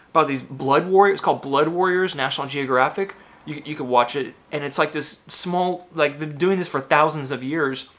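A man's voice: a little high, a bit bright. A man in his thirties, ranting in a rambling, agitated monologue full of swearing and fillers. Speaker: vlogger.

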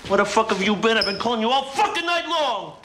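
A man's voice: on the high side, animated, fairly quick, over a noisy crowd, lightly acted. An actor playing a volatile, profane middle-aged mob boss who interrogates his crew. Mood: furious. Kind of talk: TV crime drama acting.

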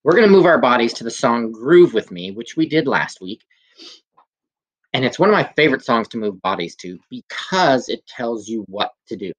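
A male music teacher leading a recorded kindergarten class, speaking gently and encouragingly and singing simple children's songs. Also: mid-range voice, sing-song, moderate pace. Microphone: phone.

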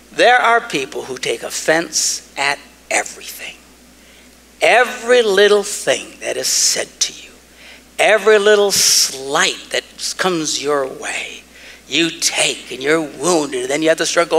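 A man preaching a sermon as pastor, joking and animated, dropping to hushed tones and rising to shouts. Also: a little high, unhurried, gravelly, a little hiss or hum.

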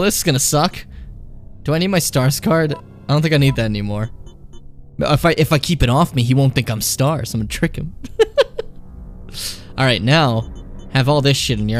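A young man playing a horror game on stream, chatting casually, swearing a lot and taunting the enemy. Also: medium pitch. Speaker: let's play streamer.

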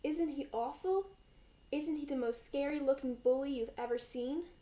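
A woman's voice: high-pitched, moderate pace, warm tone, close to an everyday voice. A woman reading as a scared young raccoon boy. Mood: frightened. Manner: pleading, worried.

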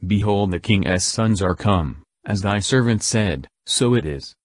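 Shrewd royal adviser, read by a man; low voice, dead-dry sound, solemn pace. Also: lively intonation, no room sound. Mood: reassuring. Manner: measured, solemn reading. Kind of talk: scripture reading.

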